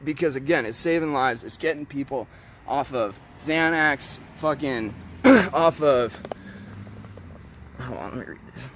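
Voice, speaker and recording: A man in a casual, blunt rant to camera, swearing often and turning loud when heated. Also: mid-range voice, a little slow, long pauses, a little hiss or hum. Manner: profane, blunt, frequent swearing. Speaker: vlogger selling kratom.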